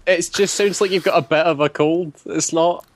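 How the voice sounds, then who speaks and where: A man's voice: on the high side, steady tone, moderate pace. A young man co-hosting a podcast with his brother, dry and teasing in casual chat. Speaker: podcast co-host.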